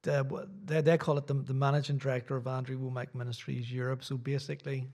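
Middle-aged Irish preacher, chatty and rambling, mid-pitched male voice, church talk. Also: little pitch movement, quick pace, a little mellow. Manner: rambling, self-deprecating, chatty asides. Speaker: visiting preacher. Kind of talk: sermon with casual chat.

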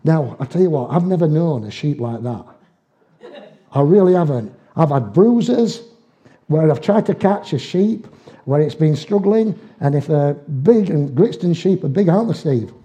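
A man's voice: a little high, lively intonation, moderate pace, warm tone, dull audio. An older man preaching a sermon, telling homely stories in dialect with chuckles along the way. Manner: folksy storytelling with dialect and chuckles.

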